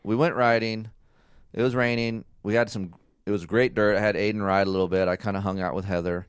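A man's voice: on the low side, fairly even intonation, fairly quick, clean tone, no room sound, clean studio sound. A man in his thirties co-hosting a casual chat, telling a story animatedly and swearing freely. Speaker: co-host of a couple's talk show.

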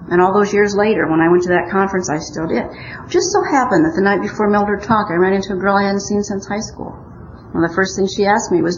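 A woman's voice: mid-range voice, a little hiss or hum. Older Midwestern woman sharing her story. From Omaha, Nebraska. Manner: earnest storytelling with wry humor. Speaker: speaker at a recovery meeting. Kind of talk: personal recovery share. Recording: muffled roomy recording.

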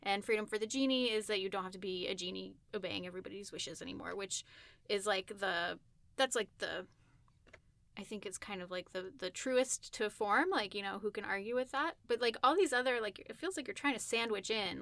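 A woman's voice: medium pitch, fairly quick, vocal fry, bright, forceful tone, no room sound. A woman chatting as a guest in a casual discussion, talking in rambling asides and laughing often.

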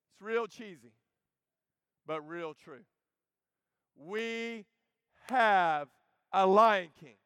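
A man in his thirties preaching a joking, animated sermon that calls out to the crowd. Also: extremely high pitch, clean tone, dry recording. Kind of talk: energetic camp sermon.

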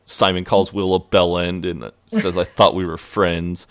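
A man's voice: sits low, little pitch movement, moderate pace, few pauses. A man co-hosting a podcast, recapping a TV episode in a laid-back, amused way and swearing freely. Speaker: podcast co-host.

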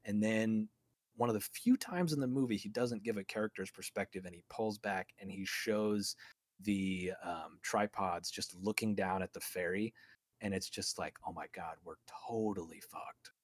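Enthusiastic low-voiced man on a podcast. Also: normal speed, no echo. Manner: enthusiastic, rambling retelling with many restarts. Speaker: podcast co-host. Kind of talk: casual film podcast monologue.

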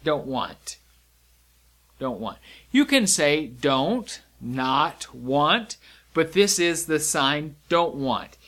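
A man's voice: on the high side, expressive, very slow, a bit bright. A man teaching sign language vocabulary, explaining each sign step by step in a patient, demonstrating way. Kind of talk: instructional lesson.

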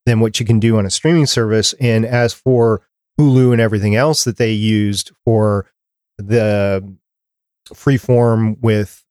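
A male podcast host in casual chat, reading listener tweets and polls out loud. He gets animated as he reacts. His mid-pitched voice is recorded close and dry. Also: no room sound.

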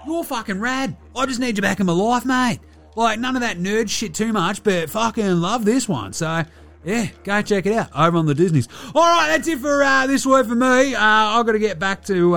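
Man playing a broad Australian bloke, crude, slangy, swearing, raised pitch, loose and excitable. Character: crude laid-back Aussie basketballer bloke.

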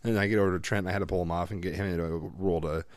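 Animated father telling stories, deep voice. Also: rapid-fire, no room sound. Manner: animated storyteller, mimics voices, swears freely. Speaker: podcast co-host, father. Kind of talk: casual chat.

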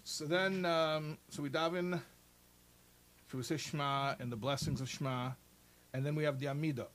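A man in casual chat, explaining a prayer service and telling an anecdote with lively voices. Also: a little high, normal speed, a little hiss or hum. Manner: storytelling, animated put-on voices for anecdotes. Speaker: co-host.

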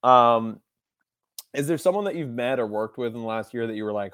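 Relaxed young man hosting, dry sound. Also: mid-range voice, a little fast, clear, resonant tone, no room sound. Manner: relaxed, rambling, many "uh" and "like" fillers. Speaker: podcast host. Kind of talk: casual interview chat.

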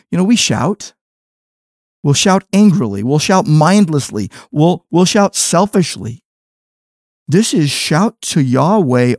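A man preaching a sermon as pastor, emphatic, shifting between quiet low phrases and raised stressed words. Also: no room sound, clean studio sound.

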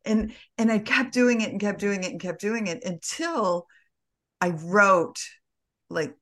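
A woman's voice: medium pitch, expressive, a little slow, a bit bright. A woman hosting an interview, affirming her guest and sharing her own experience in casual chat. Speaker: podcast host.

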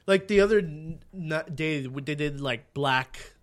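A man's voice: a little high, unhurried. A man co-hosting a podcast, ranting in casual chat with heavy profanity. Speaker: podcast co-host.

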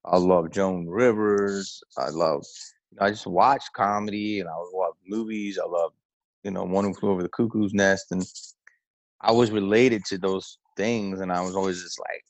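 Low-voiced man telling stories, rambling. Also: fairly even intonation, moderate pace, no room sound, low-quality recording. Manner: loose, rambling storyteller who acts out quotes. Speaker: comedian guest. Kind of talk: casual interview talk.

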